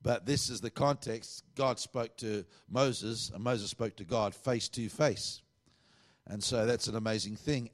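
A man's voice: medium pitch, normal speed. A middle-aged man with an Australian accent, preaching a sermon in a casual, conversational way with asides.

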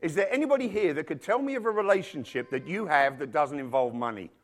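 Fast and animated, with a fairly high pitch, a middle-aged pastor preaches in a church where both congregation and children are present. He speaks emphatically and leans heavily on rhetorical questions.

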